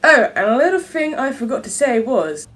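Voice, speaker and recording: A woman's voice: high voice, sing-song, normal speed, fairly bright tone, distant mic. A teenage girl from England with an English accent, chatting to camera in a casual, self-mocking vlog. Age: teens. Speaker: vlogger.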